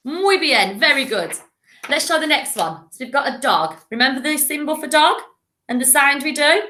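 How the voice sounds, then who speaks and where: A woman's voice: high voice, sing-song, moderate pace, pushed and bright, echoey room. A woman teaching a primary school language lesson, encouraging and playful, in a recorded classroom lesson. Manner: encouraging, with playful animal voices.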